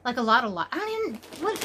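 High-voiced gushing woman with a lilt. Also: very noisy. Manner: gushing, exclaims often, voice jumps high with excitement. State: tired after work. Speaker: crochet vlogger. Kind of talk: casual unboxing chat.

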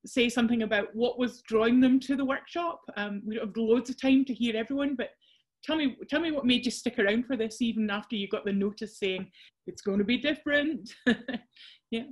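A woman's voice: on the high side, a little fast. A Scottish woman presenting a workshop over a video call, chatty and self-deprecating with frequent restarts.

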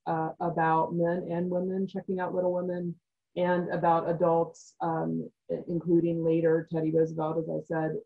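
A woman on a discussion panel, talking in a measured academic way and thinking aloud with frequent pauses. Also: fairly low pitch, slightly rough, narrow, tinny audio.

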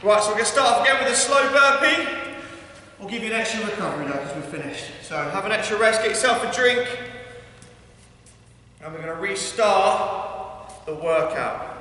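A man's voice: sits high, animated, normal speed, long pauses, bright, forceful tone. A man with an English accent coaching a workout class, counting down reps and urging listeners on with energy, at times out of breath. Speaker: PE workout instructor. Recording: echoey hall, mic far off.

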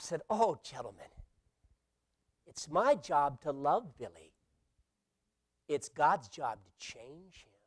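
A middle-aged male pastor with a medium-pitched voice preaches a sermon, swinging between hushed asides and loud, emphatic calls while playfully acting out quoted voices.

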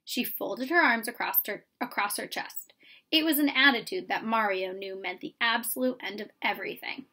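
A woman reading a children's chapter book aloud in a calm, even storytelling manner. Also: mid-range voice, normal speed. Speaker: reader. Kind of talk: storybook read-aloud narration.

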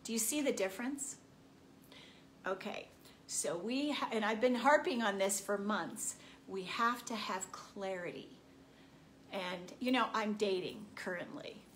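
A woman giving a motivational spiritual talk, deliberate and often laughing as she acts out everyday examples. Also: mid-range voice, a bit bright, a little hiss or hum. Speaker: spiritual speaker.

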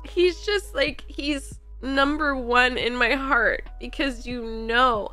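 A woman's voice: high voice, takes it slowly, pushed and bright, soft background music. A woman hosting a movie reaction video, talking in an effusive, emotional way with lots of "like". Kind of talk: casual reaction commentary.

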